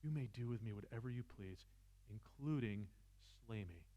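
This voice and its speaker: A man's voice: on the low side, animated, moderate pace. Impassioned male seminar lecturer. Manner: impassioned, rises to near-shouting, self-deprecating humor. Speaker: philosophy teacher, seminar speaker. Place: church seminar room.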